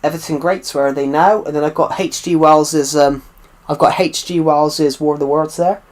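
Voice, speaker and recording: His voice is on the high side, steady and darkish, at a normal speed. The speaker, a British man from the UK, casually fields viewer questions on a live stream, wandering off and returning to repeat points.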